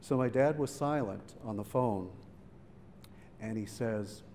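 Slow and fairly low-pitched, with a darkish tone, a middle-aged man relates a family story at a public event in a museum event hall. He speaks conversationally and acts out the voices of those he quotes. The audio has hall reverb and faint background noise.

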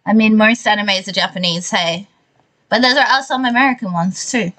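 A woman's voice: medium pitch, moderate pace. A young woman with a mild Australian accent, chatting casually with live viewers while she builds a model and reads out piece counts. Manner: chatty, relaxed, frequent likes and laughs. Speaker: livestreamer.

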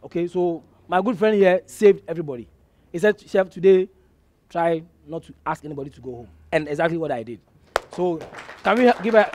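A man with a Ghanaian English accent, a jovial, loud judge announcing results on a cooking show. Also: on the high side, a little fast, a faint crowd.

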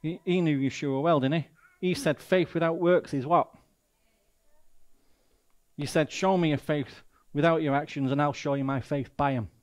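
A man's voice: a little high, steady tone, moderate pace. A man with a Mancunian accent preaching a sermon as a guest speaker, emphatic and full of rhetorical questions.

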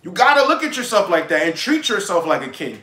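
A man's voice: high voice, sing-song, fairly quick, pushed and bright, echoey room. A young man giving brash, profane dating advice in a casual livestream monologue.

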